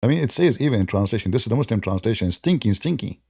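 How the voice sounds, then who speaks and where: Man, gravelly dark voice, sarcastic combative online debater, non-native English phrasing. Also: on the low side, lively intonation, rapid-fire, no room sound, studio quality. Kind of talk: polemical monologue.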